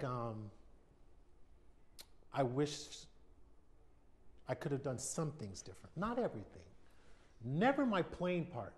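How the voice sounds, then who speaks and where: A man's voice: medium pitch, big pitch swings, takes it slowly, pauses often. An American man in his fifties, a guest in a sit-down TV interview, speaking candidly and reflectively. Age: 50s. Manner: candid, reflective, acts out quoted voices. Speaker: interview guest, retired baseball player.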